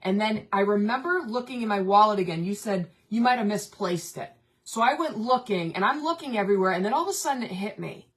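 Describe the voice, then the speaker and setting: A woman's voice: mid-range voice, lively intonation, fairly quick, hardly any pauses. A woman cohosting a recovery talk, candidly telling a personal story in a casual, confessional way. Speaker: co-host, family member.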